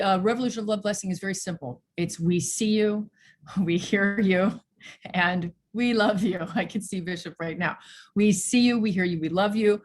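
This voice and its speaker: A woman pastor leading an online church service over a video call, speaking earnestly and giving thanks to supporters. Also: lowish voice. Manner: earnest, preacherly, thanks people by name.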